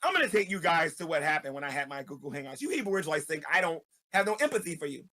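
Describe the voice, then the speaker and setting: A man's voice: a little high, very animated, rapid-fire, sharp tone. Agitated man ranting, stammering and repeating himself. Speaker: street evangelist vlogger. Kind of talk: angry ranting video monologue.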